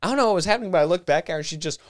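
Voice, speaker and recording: Animated, swearing male podcast co-host. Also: high voice, very fast. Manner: profane, animated storyteller. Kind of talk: casual chat.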